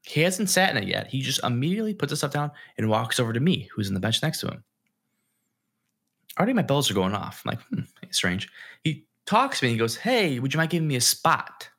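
A man's voice: mid-range voice, fairly quick, husky. A young man co-hosting a podcast, telling a story in casual chat and acting out the quotes. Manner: animated storyteller, acts out quotes. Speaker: podcast co-host.

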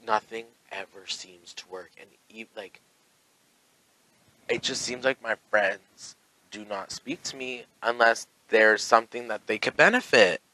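A man hosting a casual solo podcast, sassy and campy, talking with big excitable swings and then dropping soft and low, sore with heartburn. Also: measured pace, low-quality recording. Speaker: podcast host.

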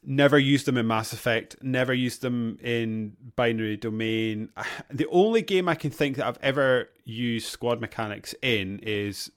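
A man's voice: mid-range voice, unhurried, hardly any pauses. Easygoing man in a podcast chat. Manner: easygoing, laughs often, restarts sentences. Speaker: podcast co-host. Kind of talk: casual gaming podcast chat.

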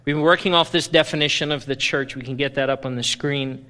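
A male pastor preaching a sermon, animated, swinging from loud playful bursts to low, intense stretches. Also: a little fast, in a large hall. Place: church sanctuary.

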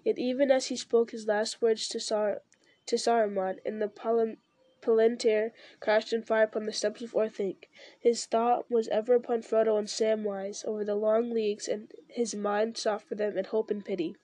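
A woman reading a novel aloud at a steady pace, with occasional slips and restarts. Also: a little high, normal speed, dry recording. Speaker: reader.

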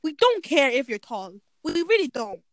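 A woman's voice: sits high, sing-song, normal speed, no room sound. A woman co-hosting a podcast in casual chat, emphatic and saying "literally" a lot. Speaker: podcast co-host.

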